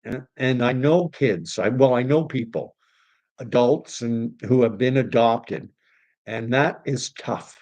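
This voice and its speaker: A man's voice: medium pitch, takes it slowly, a little mellow. A man with a mid-range voice hosts a casual livestream and reads viewer comments aloud. He rambles with eager enthusiasm and often restarts his sentences. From Canada. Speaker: online commentary host.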